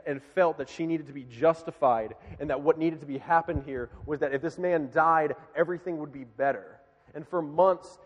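A man's voice: a little high, lo-fi sound. Man preaching in a reverberant hall. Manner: dramatic, swings from loud pleading to hushed. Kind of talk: sermon storytelling.

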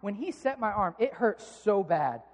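A middle-aged man with a very high voice preaches in a long-reverb hall. He speaks earnestly and conversationally, sprinkling in casual fillers as he tells a personal story in his sermon. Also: big pitch swings, normal speed.

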